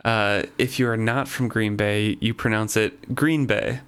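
A man co-hosting a podcast, relaxed and matter-of-fact as he explains things. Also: on the low side, measured pace, clean tone. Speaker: podcast co-host. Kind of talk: casual chat.

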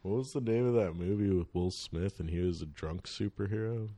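A man's voice: low-pitched, a little fast, warm tone, dry recording. A man from northern California, a guest telling laid-back, slangy stories with frequent laughter in a casual chat. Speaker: podcast guest, DJ.

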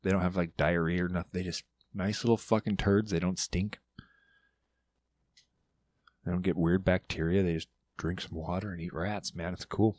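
A man rambling loudly on a casual podcast, swearing as he goes. His voice sits on the low side. The sound is dry and close. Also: fairly even intonation, normal speed, no room sound. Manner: loud, profane, rambling. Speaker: podcast guest. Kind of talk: casual monologue.

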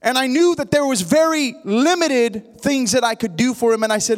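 A man's voice: very high-pitched, moderate pace, in a large hall. A man preaching a sermon, praying and telling a story, rising at times into a sing-song preaching cadence. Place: church sanctuary.

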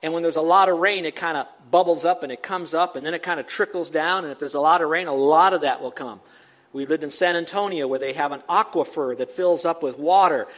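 An older male pastor delivers a sermon in a fairly high voice. He preaches emphatically, repeating words over and over and lifting his voice on key points. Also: fairly quick, a bit bright. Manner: emphatic, repetitive preaching with rising exclamations.

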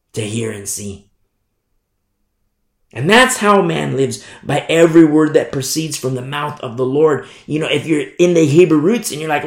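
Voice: medium pitch, gravelly, reverberant. A preacher teaching a Bible study sermon in an emphatic, repetitive way, raising the voice to stress points.

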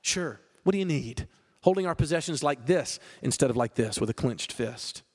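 A man preaching a sermon as pastor, conversational and animated, with jokes. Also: mid-range voice, moderate pace, breathy edge, long reverb tail.

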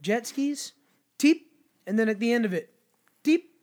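A Mexican man co-hosts a podcast in a very high-pitched, slightly slow voice. He tells stories with lots of energy, swears constantly, and acts out what people said in this casual chat.

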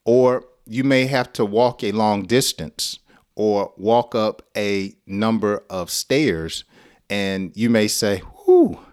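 A man's voice: lowish voice, fairly even intonation, clear, resonant tone. A middle-aged American man teaching an English lesson on a live stream, playful, acting out example sentences. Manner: slow, playful, acts out example lines with laughs.

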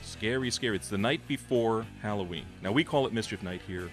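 Low-voiced, jokey man bantering over faint music. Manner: jokey, quick to banter and laugh. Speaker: podcast co-host. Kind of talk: casual chat.

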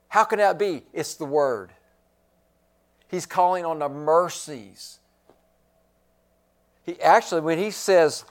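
Male pastor, high voice, unhurried emphatic sermon delivery with repetition. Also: smooth. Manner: emphatic preaching, repeats phrases.

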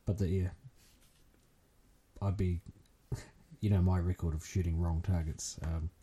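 Dark husky New man. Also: low voice, fairly even intonation, a little slow. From New Zealand. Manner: hesitant, many fillers, self-deprecating. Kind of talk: casual chat.

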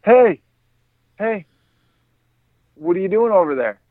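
Guy doing a bossy cheeky little kid, higher pitched, sounds like a phone call, dry. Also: moderate pace, no room sound, natural voice. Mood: pushy. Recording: tinny phone-like line.

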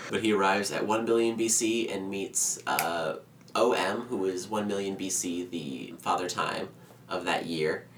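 A man's voice: deep voice, measured pace, fairly bright tone. A man co-hosting a casual podcast, recapping a movie with swearing, laughter and mock character voices. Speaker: podcast co-host. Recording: roomy echo, distant mic, faint background noise.

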